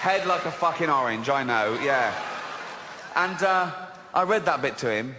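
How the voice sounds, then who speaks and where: A man's voice: on the high side, expressive, moderate pace, bright, forceful tone, a faint crowd, a little hiss or hum. A man doing stand-up comedy in a mocking, sarcastic and crude way, swearing freely. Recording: live hall with audience laughter.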